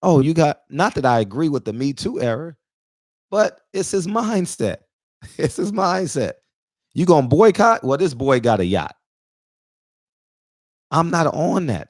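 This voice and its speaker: A man's voice: fairly high pitch, sing-song, unhurried, long pauses, a little mellow, no echo, clean studio sound. A man in his forties, emotional and near tears, delivering an emphatic, preachy casual monologue that repeats points for emphasis. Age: 40s. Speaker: barbershop talk show regular.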